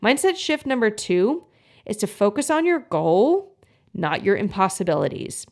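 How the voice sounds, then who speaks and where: A woman's voice: mid-range voice, sing-song, normal speed. Encouraging woman coaching viewers. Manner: encouraging, uses homely examples and acts out inner thoughts. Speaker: gut health coach. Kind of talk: motivational video talk to viewers.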